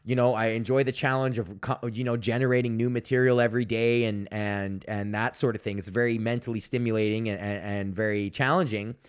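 A man's voice: on the low side, fairly even intonation, fairly quick, hardly any pauses, clear, resonant tone. A young man hosting a podcast, telling rambling, profane stories in a casual monologue and laughing often. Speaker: podcast host.

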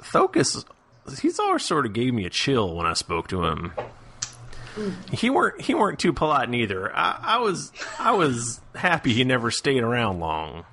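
A man's voice: mid-range voice, huge pitch swings, moderate pace, sharp tone, a little hiss or hum, heavily acted. A man voicing a rustic villager in a put-on Southern US drawl, rambling in a roundabout, folksy way, in a tabletop role-play.

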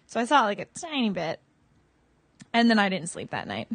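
A woman's voice: mid-range voice, normal speed, no echo. Chatty woman podcaster, dry close mic. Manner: chatty, animated storytelling, many fillers. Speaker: podcast co-host. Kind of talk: casual chat.

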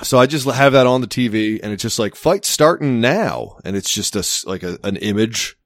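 A man's voice: fairly low pitch, a little fast, no room sound, studio quality. A man in casual chat, telling a rambling story with plenty of swearing and laughter.

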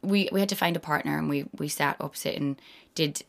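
A woman in her thirties, a guest actor in a casual interview, telling animated stories and slipping into quoted voices. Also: low voice, fast talker, creaky.

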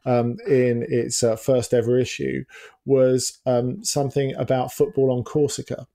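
A man's voice: medium pitch, little pitch movement, measured pace, gravelly, warm tone. A man co-hosting a football podcast who talks in a rambling, hesitant way, full of fillers and restarts. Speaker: football journalist, podcast co-host. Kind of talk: casual podcast chat.

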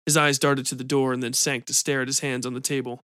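A man's voice: mid-range voice, little pitch movement, quick pace, sharp tone, dry recording. Man narrating a story, dry and close. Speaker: podcast host and narrator.

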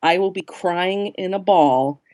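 A woman's voice: lowish voice, a little slow, a little mellow, no echo, clean studio sound. A woman author being interviewed, chatting casually and joking about herself, with plenty of ums and you-knows. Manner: chatty, self-deprecating, lots of fillers. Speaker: guest author.

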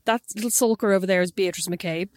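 A woman co-hosts a chatty podcast, teasing her sister in a playful, laughing way. Her voice sits at an ordinary pitch. The room is dry and close. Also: quick pace, dry recording. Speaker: podcast co-host. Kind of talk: casual chat between sisters.

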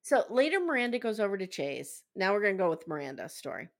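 A woman's voice: mid-range voice, quick pace. A woman hosting a podcast, chatting casually as she recaps a TV episode and acts out the scenes. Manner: animated, acts out scenes in funny voices. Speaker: podcast host.

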